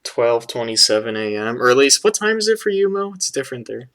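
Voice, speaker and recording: A man's voice: medium pitch, big pitch swings, a little fast, a bit bright. A young man co-hosting a podcast from home, rambling in loose casual chat and swearing often. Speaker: podcast co-host.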